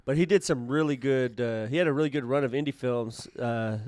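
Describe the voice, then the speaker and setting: Smooth-voiced man adding quick asides. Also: medium pitch, darkish tone. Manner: short agreeing asides, hesitant with uh fillers. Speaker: podcast co-host. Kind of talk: casual chat.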